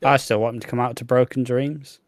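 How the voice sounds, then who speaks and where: A man's voice: mid-range voice, level tone, a little fast, dry recording, clean studio sound. A young man co-hosting a podcast, chatting bluntly about wrestling with lots of slang and swearing. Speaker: podcast co-host. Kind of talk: casual wrestling chat.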